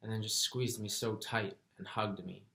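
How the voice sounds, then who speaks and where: A man telling a personal story in a soft-spoken, earnest, reflective way. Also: on the low side, little pitch movement, moderate pace, creaky. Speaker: vlogger.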